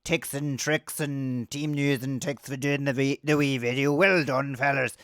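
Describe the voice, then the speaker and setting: A man doing an impression of a hearty football pundit who praises quickly and warmly. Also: mid-range voice, fairly even intonation, clear, resonant tone, no echo, studio quality, pitched below the performer's own voice. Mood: praising.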